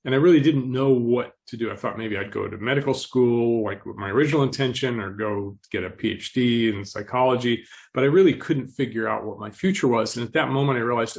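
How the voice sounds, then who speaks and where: A podcast interview guest tells his story in a calm, reflective way, often clearing his throat and sounding gently amused at himself. His voice is medium-pitched and fairly quick, with few pauses.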